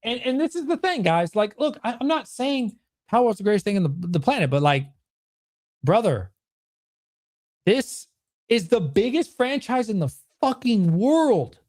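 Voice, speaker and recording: Lively ranting man in his thirties. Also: high voice, unhurried. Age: 30s. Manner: excitable, swears a lot, ranting at chat. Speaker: streamer host. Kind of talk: livestream Q&A chat.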